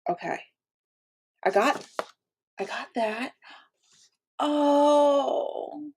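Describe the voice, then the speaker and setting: A woman's voice: medium pitch, a little slow. A woman in the middle of her range, chatting casually at home as she unboxes gifts for her viewers. She gushes freely, gasping and laughing between exclamations. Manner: chatty and gushing, with gasps, laughs and "oh my gosh". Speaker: channel host.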